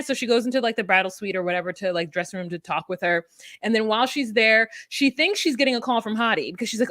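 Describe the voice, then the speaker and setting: A woman's voice: a little high, lively intonation, quick pace, a bit bright, no room sound, studio quality. A woman co-hosting a podcast, recapping a reality show in casual chat with blunt, sarcastic, freely swearing remarks. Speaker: podcast co-host.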